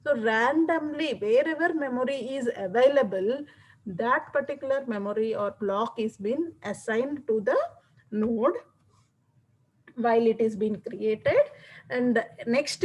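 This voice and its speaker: A woman's voice: on the high side, a little mellow, poor audio. A woman giving a classroom lecture, explaining step by step and often checking that students follow.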